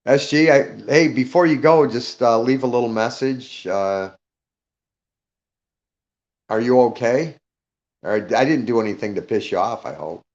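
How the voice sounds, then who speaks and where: A man's voice: mid-range voice, unhurried, long pauses, a little mellow, highs cut off. A man speaking as a guest on a live audio panel in casual chat, rambling, greeting listeners by name and checking he caused no offence.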